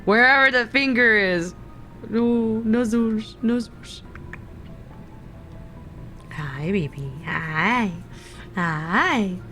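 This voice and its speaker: A woman streamer in casual livestream chat, talking in soft, drawn-out baby talk to her cat. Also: fairly high pitch, expressive, soft background music.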